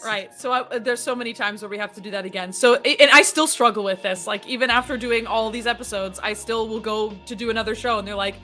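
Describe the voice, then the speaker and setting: Fast-talking bright young woman. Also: on the high side, soft background music. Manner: fast-talking, excitable, laughs often. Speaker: voice actress guest. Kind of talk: casual chat.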